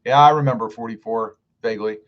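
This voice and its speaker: A man's voice: medium pitch, fast talker, highs cut off. A middle-aged man hosting a casual live stream, reading viewer comments aloud in a friendly, upbeat way.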